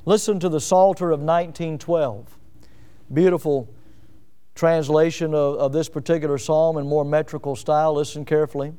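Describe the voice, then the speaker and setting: Earnest pastor with a smooth voice. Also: male voice, a little high, dark tone. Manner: earnest preaching, slows down to recite hymn verses. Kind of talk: evening sermon.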